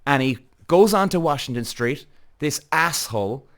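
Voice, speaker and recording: A man's voice: on the high side, lively intonation, normal speed. Fired-up Irish man ranting. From Ireland. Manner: heated, swears freely, addresses viewers directly. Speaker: podcast host. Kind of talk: animated storytelling rant.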